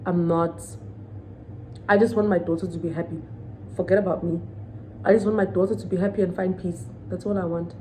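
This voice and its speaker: A woman's voice: medium pitch, fairly quick, warm tone, slight background noise, poor audio. A woman in her thirties venting to the camera in a storytime vlog, indignant and emphatic, repeating her points and asking viewers to weigh in. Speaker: vlogger.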